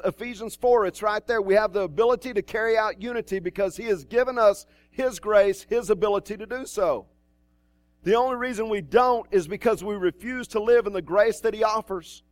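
A man's voice: high-pitched, moderate pace, no room sound. A male pastor preaching a sermon in a church, in a conversational way with asides and restarts.

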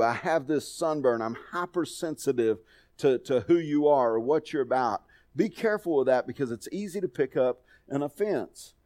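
A man's voice: a little high, darkish tone. A middle-aged man preaching a sermon, telling folksy personal stories in a conversational way. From Texas. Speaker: pastor.

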